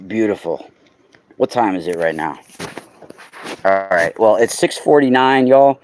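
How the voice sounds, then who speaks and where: A man with a fairly low voice that rises and falls a lot talks casually to his viewers. He is excitable and exclaims loudly, chatting from home. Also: a little slow, faint music behind. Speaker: crystal seller and podcaster. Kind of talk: casual livestream chat. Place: indoors at home.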